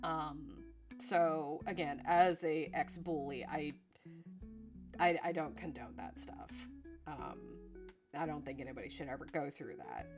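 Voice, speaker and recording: A young woman chats to her stream audience in a loose, rambling way, full of fillers and restarts and quick to laugh. Her voice sits on the lower side. Faint music plays behind her. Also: sing-song. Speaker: streamer reading chat. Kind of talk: casual live-stream chat.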